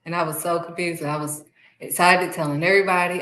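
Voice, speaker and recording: A woman giving a casual, animated faith talk, speaking straight to her viewers. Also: on the low side, fairly quick, echoey room, a little hiss or hum, low-quality recording. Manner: animated, acts out excited voices and exclamations; talks straight to viewers, calling them honey. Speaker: faith vlogger.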